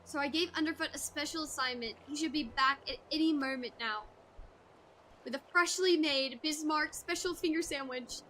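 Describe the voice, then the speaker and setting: A woman reading a gruff male pirate guildmaster's game dialogue aloud, with salty seafaring speech. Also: high-pitched, normal speed, bright, forceful tone, slight background noise. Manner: salty seafaring speech, calls others lass.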